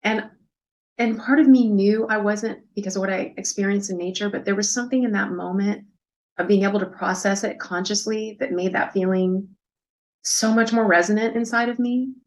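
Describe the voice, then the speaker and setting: A woman in her fifties telling a personal story as an interview guest, soft and reflective, pausing often with hesitant fillers. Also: medium pitch, poor audio.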